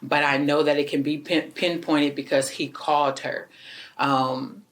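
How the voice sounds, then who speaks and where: A woman's voice: low-pitched, steady tone. Hesitant woman witness recounting events. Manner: hesitant, halting retelling with fillers. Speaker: witness, neighbor. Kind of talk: police interview testimony. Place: police interview room.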